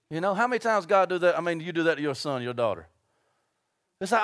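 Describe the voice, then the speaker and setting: Animated high-voiced man preaching. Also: fast, no room sound, clean studio sound. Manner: animated storytelling with acted-out voices. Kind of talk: sermon.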